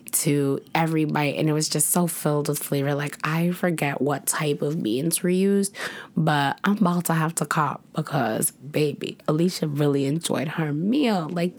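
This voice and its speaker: A young woman co-hosting a casual chat show, telling animated food stories with lots of "like" and "y'all". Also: low-pitched. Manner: animated storytelling, lots of "like" and "y'all", swings into dramatic voices. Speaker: podcast co-host.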